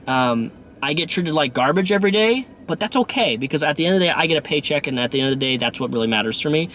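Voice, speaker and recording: Rambling man in his thirties, slightly high voice. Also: fairly bright tone, a little hiss or hum. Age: 30s. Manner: rambling, frequent restarts and fillers. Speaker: YouTuber and bus driver. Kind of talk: casual vlog talk to camera.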